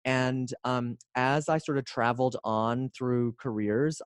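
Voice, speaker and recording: A man in his forties, a guest on an interview show, talking in an expressive, playful way with drawn-out phrasing. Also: medium pitch, no echo, clean studio sound. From Canada. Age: 40s. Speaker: guest, speaker and coach. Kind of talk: casual interview chat.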